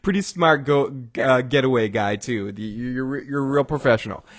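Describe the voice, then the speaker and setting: A man's voice: mid-range voice, moderate pace. A man hosting a casual talk show, recapping a TV episode in a rambling way, with frequent restarts and chuckles. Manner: acts out quoted lines in bursts of raised voice. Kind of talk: casual chat.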